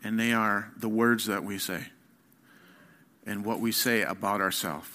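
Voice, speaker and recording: A middle-aged man giving an earnest personal testimony as a sermon, telling his story haltingly with fillers and restarts. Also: fairly low pitch, steady tone, bright, forceful tone. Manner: earnest, candid. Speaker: guest speaker.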